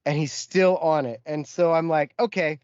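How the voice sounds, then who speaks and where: Male podcast co-host, animated storyteller, slightly high voice, dry lo-fi sound. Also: normal speed, smooth, dry recording. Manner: animated storyteller, acts out quotes. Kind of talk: casual storytelling chat.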